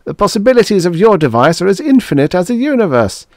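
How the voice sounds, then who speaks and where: A smug, grinning colonel, eager like a boy with fun in store, played by a male reader. His voice rises high and loud, swinging widely in pitch. Slightly gravelly and dry. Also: sing-song, fast, no echo.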